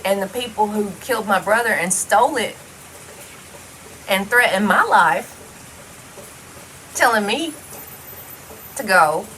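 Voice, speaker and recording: A woman in a loose, rambling monologue, blunt and full of swearing, her voice sitting at an everyday middle pitch. A faint hum of noise runs underneath her. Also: animated, slow pace, pauses often, a bit bright, low-quality recording. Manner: blunt and heavily profane, loose rambling talk. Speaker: vlogger. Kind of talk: casual personal monologue.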